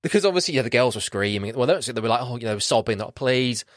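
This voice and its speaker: A man's voice: medium pitch, rapid-fire, no echo, studio quality. A man hosting a podcast, chatting casually about a film and acting out his reactions. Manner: animated, swears casually, acts out his reactions. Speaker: podcast host. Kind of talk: casual film review chat.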